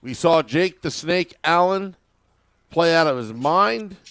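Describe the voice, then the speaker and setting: Deadpan podcast cohost, slow and gravelly, smooth voice, dry mic. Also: male voice, fairly high pitch, dry recording. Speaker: podcast co-host. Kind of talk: casual podcast banter.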